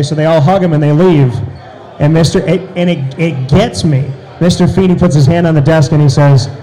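Guy telling a story all worked up, kinda high voice but mellow, gets loud sometimes. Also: brisk, rough recording. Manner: excitable, bursts into loud asides. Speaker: interview guest. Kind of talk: animated storytelling.

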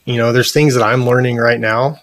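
A man in his thirties, a podcast guest, telling personal stories in an earnest, animated way with lots of "like" and "you know". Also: mid-range voice, brisk, dry recording. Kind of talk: casual interview conversation.

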